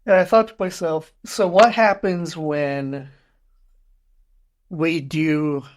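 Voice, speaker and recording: A man's voice: a little high, steady tone, takes it slowly. A man co-hosting a podcast, musing aloud in casual discussion and often tagging thoughts with a questioning "right?". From United States. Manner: musing, rhetorical "right?" tags. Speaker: podcast co-host.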